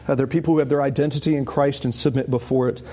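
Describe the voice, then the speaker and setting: A man preaching a sermon to a congregation, animated and emphatic, often rising sharply in pitch for stress. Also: quick pace.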